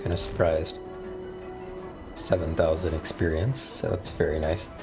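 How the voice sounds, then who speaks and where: A man with a very deep voice talks casually while playing a role-playing game, pausing often with "uh" and "um." He reads dialogue off the screen between his own remarks. Faint game music plays underneath. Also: steady tone. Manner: hesitant, many fillers, reads game text aloud. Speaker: streamer. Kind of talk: casual let's-play commentary.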